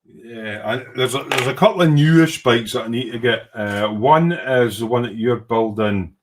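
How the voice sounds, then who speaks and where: The recording has a little hiss or hum, and the man's voice is medium in pitch and moderately paced. He hosts a laid-back livestream on model making, reading out comments from viewers, rambling in a self-deprecating way with informal British slang, and humming to himself while clicking around.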